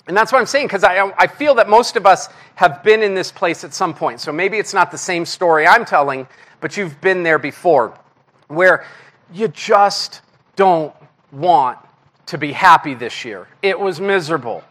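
A man delivers a casual, confessional sermon to a congregation. His voice sits high and sounds bright and forward. He mocks himself openly and keeps the delivery lively. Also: moderate pace. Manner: candid, self-deprecating, animated. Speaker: guest preacher. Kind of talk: conversational sermon.

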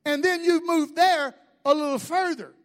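A man's voice: very high-pitched, fairly even intonation, moderate pace. A man, a pastor, preaching a sermon with jokes and asides to the congregation.

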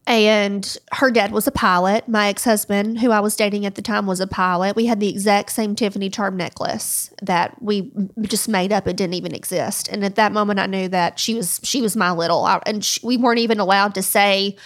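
A woman's voice: medium pitch, fairly even intonation, a little fast, few pauses. A woman, co-hosting a podcast, telling a personal story while crying and sniffling. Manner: tearful, storytelling with quoted voices. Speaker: podcast co-host. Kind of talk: emotional personal podcast talk.

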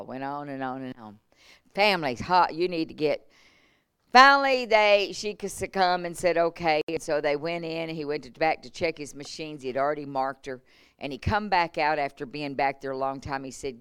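A woman's voice: low-pitched, fairly quick, clear, resonant tone, dry recording, clean studio sound. A woman, a revival preacher telling healing stories in a sermon, acting out quotes and laughing along the way. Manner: animated testimony with laughs and acted-out quotes. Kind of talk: sermon storytelling. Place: church.

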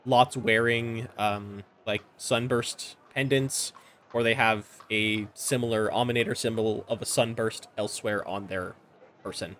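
A man running a tabletop game as game master, describing scenes in a relaxed, descriptive way with filler words. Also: lowish voice, a little slow, a little hiss or hum. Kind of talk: narrating a tabletop game over a call.

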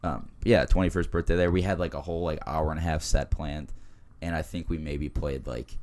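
A man in his twenties with a remarkably low, deep voice. He talks in a loose, laid-back way, rambling through stories with frequent laughs and fillers, like a podcast guest among friends. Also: steady tone, brisk, a little mellow. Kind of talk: casual podcast chat.

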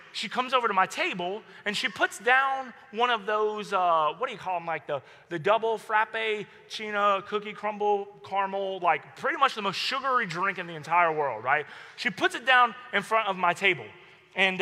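Male guest preacher, high, very bright voice, animated storyteller, long hall reverb. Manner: animated storytelling with asides to the audience. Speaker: guest preacher and church planter. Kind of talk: conversational sermon.

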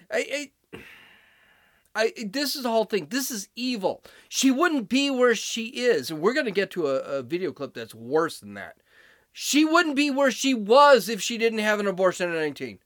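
A man's voice: high-pitched, animated, moderate pace, fairly bright tone, no room sound, studio quality. A man giving political opinion commentary on clips he plays, indignant and sarcastic. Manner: indignant and sarcastic, mocking voices.

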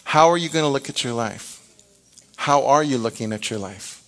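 A middle-aged man preaching a sermon in an animated way, often restarting his phrases and acting out the reactions he describes. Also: mid-range voice, normal speed. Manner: animated, acts out quoted reactions, frequent restarts.

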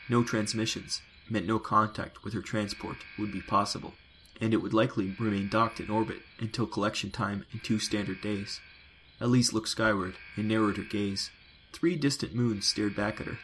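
A man reading a science fiction audiobook in a measured, descriptive way. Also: fairly low pitch, fairly even intonation, fairly bright tone, slight background noise, low-quality recording. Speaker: narrator. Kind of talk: scripted sci-fi audiobook narration. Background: music.

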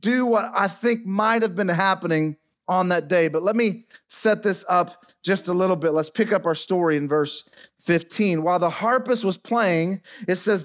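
A middle-aged man preaching a sermon as pastor in a church, dropping soft and low as he speaks over piano. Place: church sanctuary. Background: faint piano playing.

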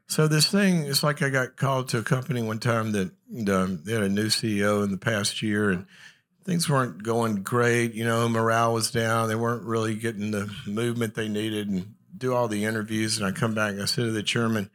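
Bright-voiced man telling stories. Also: on the low side, a little fast. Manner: animated, acts out dialogue in anecdotes. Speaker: psychologist and speaker. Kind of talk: humorous storytelling talk to a live audience.

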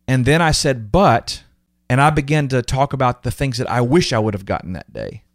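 A man's voice: mid-range voice, a little fast, no echo, clean studio sound. A man hosting a podcast, telling personal stories in an earnest, emotional, casual way and acting out what others said to him. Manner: earnest, emotional, animated retelling of quotes. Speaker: podcast host. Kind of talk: casual conversational storytelling.

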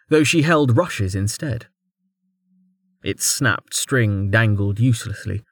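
A man's voice: on the low side, no room sound. Male audiobook narrator, dry close sound. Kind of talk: scripted narration.

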